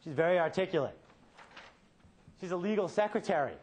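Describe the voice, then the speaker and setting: An animated male defense lawyer, his voice sitting high, gives a closing argument in a courtroom. He fires rhetorical questions at the jury, stopping for dramatic pauses and shifting sharply between quiet and emphatic tones.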